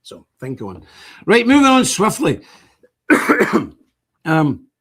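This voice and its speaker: A man's voice: sits high, wildly swooping pitch, takes it slowly, fairly bright tone, slightly rough. An older man from Britain, hosting a stream with a fiery, preachy, defiant rant. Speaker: streamer host. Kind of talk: impassioned livestream rant.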